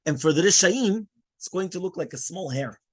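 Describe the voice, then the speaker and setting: Husky-voiced rabbi giving an animated class. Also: male voice, sits high, normal speed. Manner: animated, asks the listeners questions and quiets them. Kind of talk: Torah class to a live audience.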